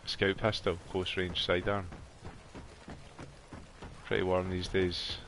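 Scottish male streamer, low voice, loose and talkative with his viewers, quick to laugh. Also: level tone, a bit bright, slight background noise. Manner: chatty, laughs often, talks to viewers. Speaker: live game streamer. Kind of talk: casual live gameplay chat. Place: warm bedroom at home.

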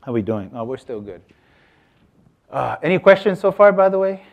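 A man's voice: on the high side, very animated, normal speed, lo-fi sound. A man giving a casual artist talk to an audience, chatty, breaking off mid-sentence and asking the room questions. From United States. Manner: chatty, self-interrupting, asks the audience questions.

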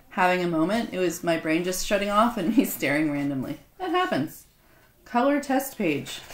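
A woman unboxing a gift box at home, chatting casually with sarcastic, self-mocking banter. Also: fairly low pitch. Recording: roomy echo, faint noise.

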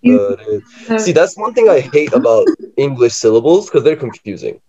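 A man's voice: a little high, very animated, moderate pace, dark tone. A man co-hosting a casual podcast about poetry, playful, laughing often and drawing words out. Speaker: podcast co-host. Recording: dull lo-fi podcast audio.

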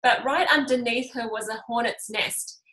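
Woman, 30s, slightly high pitch; casual, laughing class host full of fillers. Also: moderate pace, pushed and bright, rough recording. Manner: chatty, laughing storyteller, many fillers. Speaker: essential oils class host. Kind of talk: casual talk to a group.

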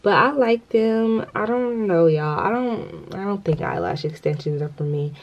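A woman's voice: medium pitch, animated, normal speed, lo-fi sound. Chatty young woman vlogging to camera. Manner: chatty, rambling, keeps addressing viewers as y'all. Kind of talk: casual vlog talk to camera.

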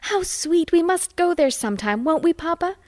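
A woman voicing an excitable young girl who squeals with delight. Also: very high voice, normal speed, no room sound, clean studio sound, voice pushed up. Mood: gushing.

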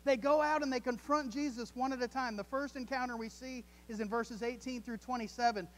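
A male pastor preaching a sermon, reading scripture aloud, with dramatic rises and soft drops. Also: extremely high pitch, steady tone, brisk, slight background noise. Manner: reads scripture aloud and repeats words.

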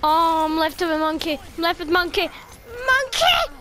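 A woman's voice: very high-pitched, little pitch movement, fairly quick, a little hiss or hum. A young woman commentating her own gameplay, exclaiming and swearing at the game and grumbling about lag. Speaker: gaming video creator.

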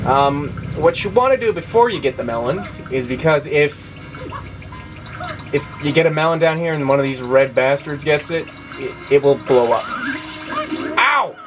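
A man's voice: a little high, normal speed. A man giving sarcastic, profanity-laced commentary while playing a video game. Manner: sarcastic, swears often. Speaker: let's play gamer. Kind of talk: gameplay commentary. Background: video game music.

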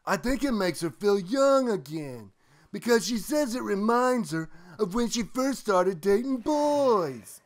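A man's voice: sits high, sing-song, a little slow, pitched above the performer's own voice. A man voicing a mocking young bro who heckles with slangy jabs. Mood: boastful.

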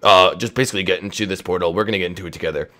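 A man's voice: deep voice, very fast, pushed and bright, pitched below the performer's own voice. A young man voicing a male alien invader with fire on his head, talking in a hesitant, mumbling way in an improvised game role-play. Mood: flat.

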